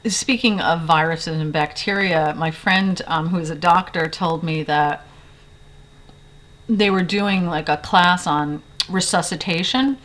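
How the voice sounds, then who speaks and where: A woman's voice: on the low side, a little slow, a bit bright. A woman, chatting casually to a handheld camera in her bedroom, rambling with lots of fillers and self-corrections. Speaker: video blogger. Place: bedroom in an old house.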